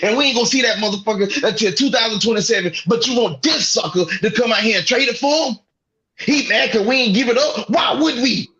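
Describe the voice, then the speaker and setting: A man's voice: very high-pitched, normal speed, pushed and bright, dull audio. A man co-hosting a sports talk show, ranting in an exasperated, profane way. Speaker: podcast co-host. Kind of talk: heated sports rant.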